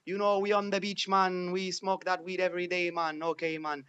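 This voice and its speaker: A man's voice: sits high, little pitch movement, normal speed, fairly bright tone, clear, resonant tone, highs cut off. A man voicing a laid-back stoner beach DJ on college radio, drawling and ending every phrase with 'man'. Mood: mellow. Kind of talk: comedic radio bit.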